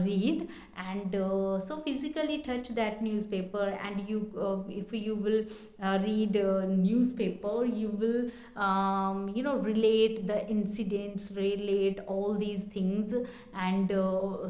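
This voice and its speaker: A woman's voice: medium pitch, mellow, reverberant. A woman giving a casual spoken English lesson, hesitant, with many fillers and repeated phrases. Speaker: English teacher.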